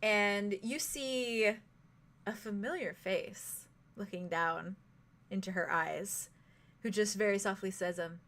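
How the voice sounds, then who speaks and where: A young woman narrating as game master in a tabletop game, halting, with many fillers and giggles. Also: medium pitch, a bit bright.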